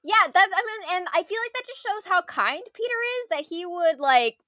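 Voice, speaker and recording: A woman in casual conversation reviewing a film, animated and full of fillers and laughs. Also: very high-pitched, normal speed, no echo, clean studio sound.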